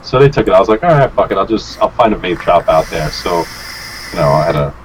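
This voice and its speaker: Speaking fast, the guest vape reviewer rambles through a story in casual chat, his fairly low voice lively as he acts out quotes. He jumps into others' lines, swears without restraint and keeps laughing. The audio is poor, with a faint hiss underneath.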